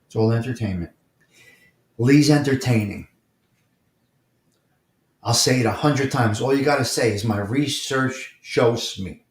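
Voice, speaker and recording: A man with a New York accent hosts a relaxed live morning chat stream, answering viewers by name and hammering his points home through repetition. His voice is medium-pitched and unhurried, broken by long pauses, and the room gives it a noticeable echo.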